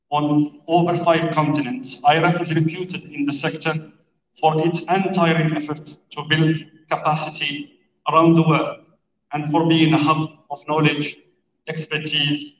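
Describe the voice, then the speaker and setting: A man delivering a formal, prepared opening speech at a conference, speaking in a measured and deliberate way. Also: on the high side, flat delivery. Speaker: conference speaker for an international road federation. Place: large conference hall. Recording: echoey hall, distant and dull.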